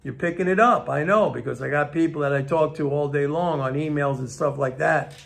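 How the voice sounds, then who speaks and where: A man's voice: fairly high pitch, a little fast, vocal fry. Blunt, exasperated older man ranting. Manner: blunt, exasperated, swears freely. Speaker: economics show host. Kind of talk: ranting monologue to viewers.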